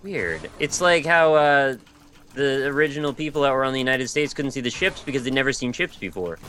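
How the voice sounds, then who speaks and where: A man's voice: medium pitch, lively intonation, brisk, pushed and bright, faint music behind. A man co-hosting a casual chat, teasing his friend and tossing out goofy suggestions.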